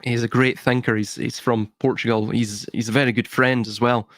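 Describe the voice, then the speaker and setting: A man's voice: medium pitch, level tone, normal speed, a bit bright, no room sound. Scottish man, thoughtful and dry. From Scotland. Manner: thoughtful, hedging, restarts often. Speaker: guest. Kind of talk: casual podcast chat.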